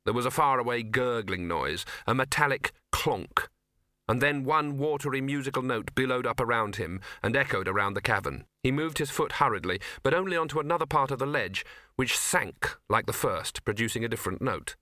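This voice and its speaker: A man reading a fantasy novel as audiobook narrator, with measured storytelling. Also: mid-range voice, expressive, sharp tone, no echo, clean studio sound. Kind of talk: scripted narration.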